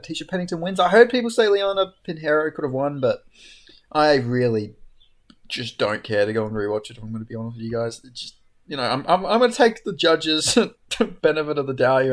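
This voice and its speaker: Rambling man with a slightly high voice. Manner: rambling, frank, loose with fillers. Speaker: MMA fight recap host. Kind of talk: casual unscripted recap monologue.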